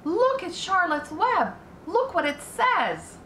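A woman doing an excited young farm girl. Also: sits high, a little fast, slight background noise, voice pushed up, exaggerated voice. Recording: roomy echo.

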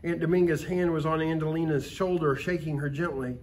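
A man reading a Christmas story aloud in a calm, expressive storytelling manner, with occasional small slips. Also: a little high, a little fast, a little hiss or hum. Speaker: story reader.

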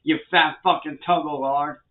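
A man's voice: a little high, fairly even intonation, normal speed. A man ranting angrily to the camera, swearing and repeating threats and warnings at people he calls trolls. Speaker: vlogger. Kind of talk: angry rant to the camera. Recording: tinny phone-like sound.

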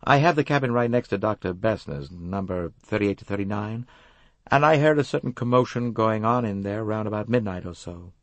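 A man voicing an older American businessman, folksy and halting, confiding in a mournful tone. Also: on the low side, dry recording, pitched above the performer's own voice, close to an everyday voice. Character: grieving older American businessman, smooth and evasive.

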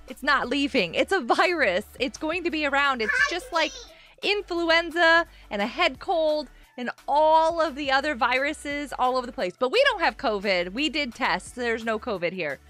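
A woman hosting a casual gaming live stream, chatting with viewers in a bubbly, animated way with gasps and laughs. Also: high-pitched. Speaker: livestream host.

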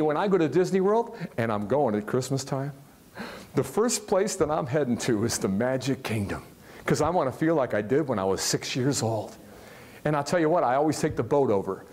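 Man, motivational speaker from Ohio, slightly high voice, lively and joking with the room. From Ohio, USA. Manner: animated, jokey, asks the audience questions. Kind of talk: live motivational talk to an audience. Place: large hall with a live audience.

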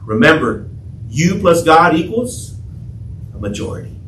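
Pastor guy preaching, high voice, big dramatic storytelling, echoey room, kinda far from the mic. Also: very animated, measured pace, a little hiss or hum. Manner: dramatic storytelling, acting out quotes, shouting at peaks. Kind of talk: sermon.

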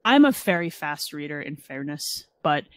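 A middle-aged woman guest on a podcast, chatting casually in a wry, self-mocking way with quick asides. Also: low voice, sing-song, no echo, clean studio sound. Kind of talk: casual chat.

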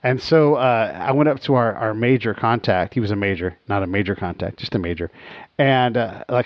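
A man hosting a podcast, telling stories in an animated, casual way and laughing often. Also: on the low side, a little fast, dry recording. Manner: animated, laughing, breaks into quoted voices. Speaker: podcast host. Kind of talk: casual storytelling. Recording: dry, dull lo-fi sound.

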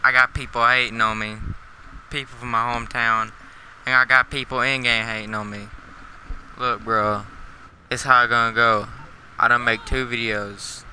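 Young man, gamer, slangy trash talk, half asleep, very sharp bright voice, faint background noise. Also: medium pitch, level tone, normal speed, poor audio. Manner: slangy trash talk aimed at other players. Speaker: livestreaming gamer. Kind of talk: casual game commentary.

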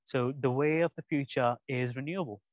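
A man's voice: mid-range voice, brisk, no room sound, poor audio. Young man telling stories animatedly. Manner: animated storytelling. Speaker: speaker at a youth session. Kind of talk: casual talk to young students. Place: room with an audience.

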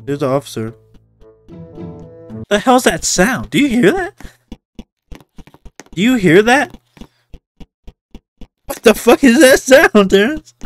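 A young man hosting a casual gameplay chat, excitable and giggly, swearing and stammering as he reads story lines aloud. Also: very high-pitched, slow, pauses often, soft background music. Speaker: gaming channel host.

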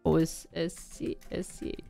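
A woman's voice: sits low, flat delivery, unhurried, creaky, dark tone, soft background music. A woman streamer in casual live-stream chat, laughing often as she reads lists aloud and tries out pronunciations. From Korea. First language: Korean.

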